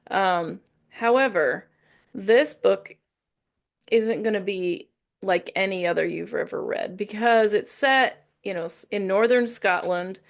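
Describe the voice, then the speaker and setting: A chatty woman co-hosting a book podcast in a rambling, easygoing way. Her voice carries a noticeable gravelly fry at a middle pitch. She circles back and corrects herself as she talks. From Indiana, USA. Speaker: podcast co-host. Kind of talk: casual book-review chat.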